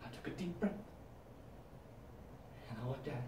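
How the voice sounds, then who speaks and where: Young man in a dark dramatic monologue. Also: normal speed, a little hiss or hum. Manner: swings between hushed, low menace and loud shouting. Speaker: competitor performing a monologue. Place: room at a speech competition. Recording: echoey room, mic at a distance.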